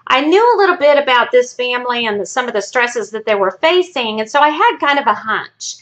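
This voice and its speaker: Addressing viewers head-on, this female family therapist uses a story to explain her educational point. She sounds bright, forceful, and a bit high-pitched, delivering it in an animated, brisk way and ending on warm sign-offs.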